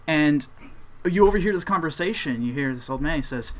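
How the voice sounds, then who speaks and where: Young guy running a d&d game, chatty and rambly, kinda high voice. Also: animated, fairly quick. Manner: casual and rambling, many fillers. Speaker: game master. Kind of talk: narrating a tabletop game.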